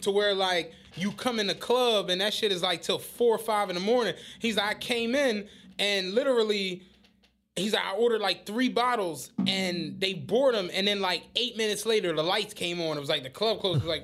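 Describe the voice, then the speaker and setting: An American man co-hosting a podcast, an animated storyteller who acts out the quotes in casual banter. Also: high voice, moderate pace. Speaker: podcast co-host. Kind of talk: casual chat.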